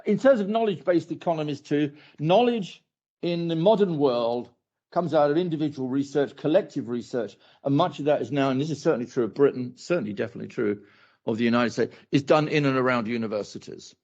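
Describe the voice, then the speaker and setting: Man lecturing at a uni event, goes off on tangents, repeats himself, slightly raspy, muffled sound. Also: mid-range voice, fairly quick, darkish tone. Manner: rambling, with many asides and repeated phrases. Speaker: academic speaker. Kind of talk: answering a question at a university talk.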